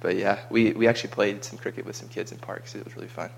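A man's voice: on the low side, fairly even intonation, quick pace, gravelly, slight background noise. A man chatting casually about a trip, rambling and repeating his words as he goes. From United States. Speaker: vlogger recounting a mission trip. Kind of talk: casual chat.

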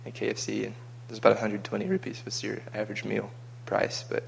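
A man's voice: fairly low pitch, completely flat delivery, quick pace, creaky, slight background noise. A man chatting casually about a trip, rambling and repeating his words as he goes. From United States. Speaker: vlogger recounting a mission trip. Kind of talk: casual chat.

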